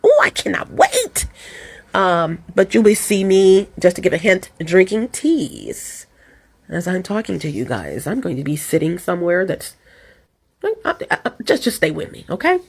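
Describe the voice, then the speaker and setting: Woman vlogger, hoarse, loose and repetitive, keeps calling out to her viewers. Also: lowish voice, big pitch swings, moderate pace. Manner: rambling and repetitive, addresses viewers as "you guys". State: hoarse from allergies and a cold. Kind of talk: casual chat to camera. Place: at home.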